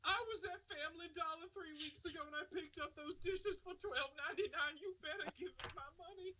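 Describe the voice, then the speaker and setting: A woman's voice: very high-pitched, a little fast, pushed and bright, dull audio. A woman guest in casual chat, cutting in with jokes and laughter. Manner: laughing, joking interjections.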